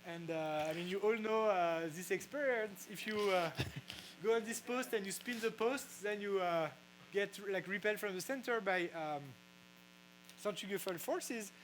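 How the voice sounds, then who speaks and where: A man with a French accent giving a casual science talk, halting with many fillers and restarts. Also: sits high, a bit bright, a little hiss or hum, low-quality recording. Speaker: physicist explaining brewing science. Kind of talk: casual lecture. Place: brewery.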